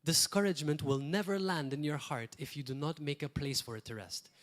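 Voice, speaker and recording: A Maltese pastor preaches in a plain, conversational manner, repeating key phrases and breaking off for short asides. His voice is a bit high for a man and a bit bright, and he talks a little fast.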